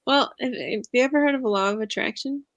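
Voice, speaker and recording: Earnest woman with a gravelly edge. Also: a little high, quick pace, dry recording, dull audio. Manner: earnest, reflective, confiding. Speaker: guest speaker, empowerment coach. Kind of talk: casual interview conversation.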